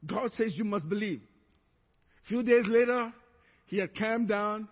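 A pastor preaching a sermon, telling stories and acting out the people in them. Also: male voice, sits high, a little slow. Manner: storytelling, acts out quoted voices. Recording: muffled church recording, long reverb.

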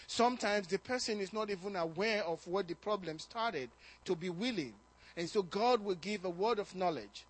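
A man pastor preaching a sermon, telling personal stories in an animated way, often repeating words and rising in excitement. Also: sits high, moderate pace.

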